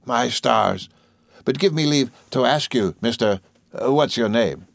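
A man doing a slow, blustering headmaster. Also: mid-range voice, expressive, gravelly, no echo, pitched above the performer's own voice. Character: pompous, angry older male headmaster.

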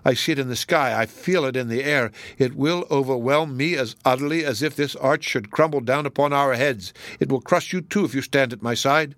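A man reading a storybook who voices a troubled young woman, speaking low and intensely. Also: brisk, few pauses, fairly bright tone, dry recording, lightly acted.

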